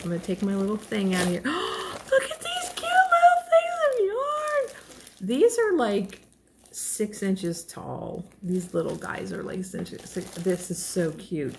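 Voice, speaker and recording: A woman's voice: lowish voice, a little mellow, slight background noise. A woman vlogger chatting casually while unboxing a crochet kit, gushing and self-deprecating, rambling with fillers and small laughs.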